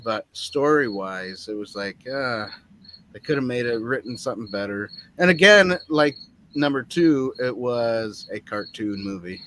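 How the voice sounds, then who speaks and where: A man's voice: mid-range voice, animated, unhurried, a bit bright. A man on a movie review panel, chatting casually in a rambling, hesitant way full of fillers. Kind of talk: casual chat. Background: crickets chirping.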